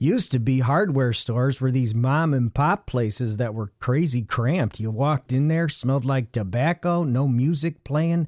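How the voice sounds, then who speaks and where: A man hosting a comedy podcast, reading a deadpan fake ad in a rambling way, with asides and restarts. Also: on the high side, dry recording, studio quality.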